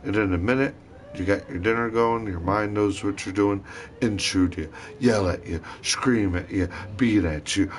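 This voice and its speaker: A man's voice: lowish voice, normal speed, a little hiss or hum. A man ranting in a rambling, disjointed way, swearing constantly as he talks to camera. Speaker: vlogger. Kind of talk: rambling profane rant to camera.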